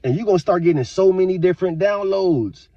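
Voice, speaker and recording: A man talking straight to his viewers in a casual, profane, rambling rant, with sudden loud outbursts. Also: sits high, a little fast, no echo, muffled recording. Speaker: vlogger. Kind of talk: casual monologue to camera.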